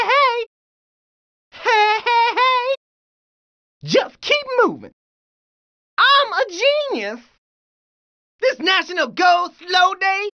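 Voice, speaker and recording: A man's voice: very high voice, bright, forceful tone, muffled recording, heavily acted. A young man voicing a brash, hot-headed street dancer as a video game pedestrian, with yelping slangy exclamations. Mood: boastful. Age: young adult.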